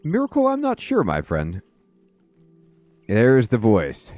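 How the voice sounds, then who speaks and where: A man's voice: mid-range voice, huge pitch swings, takes it slowly, a little mellow, no echo, soft background music. A man doing casual live commentary on a game, chatty and rambling, greeting viewers as he plays. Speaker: let's play streamer.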